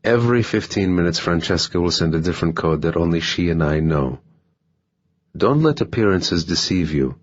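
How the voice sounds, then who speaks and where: A man's voice: deep voice, normal speed, no echo, dull audio. A man doing a cold, contemptuous operative. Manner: contemptuous, calm.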